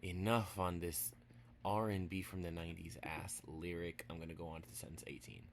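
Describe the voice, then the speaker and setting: A man giving a casual language lesson, playful and teasing, spelling words out slowly piece by piece and dropping into quiet asides. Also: sits low, steady tone, a little hiss or hum. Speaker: language teacher.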